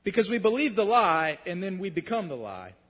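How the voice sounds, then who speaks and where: A young man preaching a sermon, talking earnestly and conversationally, then suddenly building to loud emphasis. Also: high voice, sing-song, brisk, long reverb tail.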